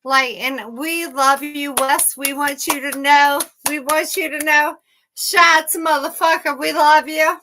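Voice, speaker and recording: A woman's voice: high voice, fairly even intonation, slow, background noise. A woman co-hosting a casual livestream chat, ranting heatedly and swearing constantly.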